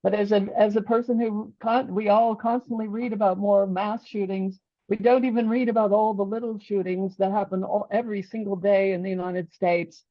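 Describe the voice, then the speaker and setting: A woman on a video call speaking earnestly in agreement, with halting restarts. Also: mid-range voice, level tone, lo-fi sound. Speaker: podcast participant. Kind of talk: casual chat on a video call.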